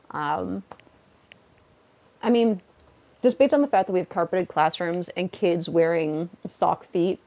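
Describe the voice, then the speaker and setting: A woman's voice: lowish voice, gravelly, darkish tone. A woman chatting casually on a home stream, giggling at her own jokes. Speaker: live streamer and teacher.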